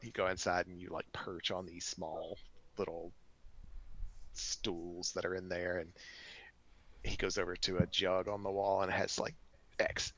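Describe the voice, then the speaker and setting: A man narrating as game master in a relaxed, rambling way. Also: deep voice, a little slow, long pauses.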